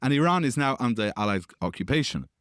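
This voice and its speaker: A man's voice: mid-range voice, big pitch swings, fast, a bit bright, no room sound, studio quality. A man hosting a podcast, giving history commentary in a discursive way, often correcting himself mid-sentence with asides. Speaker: podcast host.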